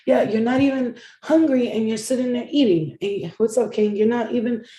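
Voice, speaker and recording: A woman's voice: a little high, normal speed, dark tone, echoey room. A woman giving a casual live-stream tarot reading, blunt and profane, often chanting phrases over and over. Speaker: tarot reader.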